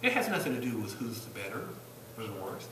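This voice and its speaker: A man preaching a sermon in a church, asking rhetorical questions, rising to loud bursts and dropping low. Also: sing-song, fast, slight background noise. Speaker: pastor. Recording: echoey church room from a distance.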